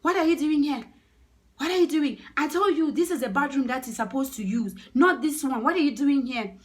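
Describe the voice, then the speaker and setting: A woman with a South African accent playing an angry, menacing man who shouts orders and repeats his commands harshly. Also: high-pitched, brisk, voice pushed up, close to an everyday voice. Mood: furious.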